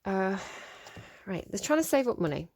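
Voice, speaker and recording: A woman talks her way through a tarot reading in a loose, chatty monologue. She is animated, fills her speech with ums and likes, and now and then swears mildly while telling the cards off. Her voice sits at an ordinary middle pitch. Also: normal speed, a little hiss or hum. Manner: chatty and animated, with many fillers, mild swearing and scolding of the cards. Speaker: tarot reader. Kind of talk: casual spoken tarot reading.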